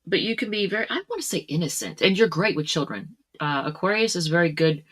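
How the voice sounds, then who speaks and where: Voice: mid-range voice, animated, quick pace, a bit bright. A tarot reader giving a casual reading to camera, chatty, with frequent laughs and plenty of fillers.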